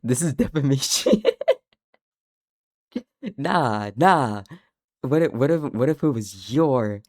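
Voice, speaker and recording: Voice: medium pitch, lively intonation, slow, pauses often, darkish tone, dry recording, clean studio sound. A game streamer, chatting casually through a livestream, giggling often and muttering to themselves. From Canada. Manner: giggly, talks to themselves, lots of laughter.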